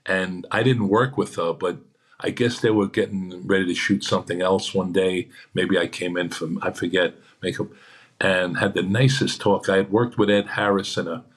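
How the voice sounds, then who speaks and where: A man's voice: low-pitched, steady tone, moderate pace. A man, an actor on a podcast, telling rambling anecdotes in a chatty way and acting out what others said. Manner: chatty, acts out quoted voices. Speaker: actor guest.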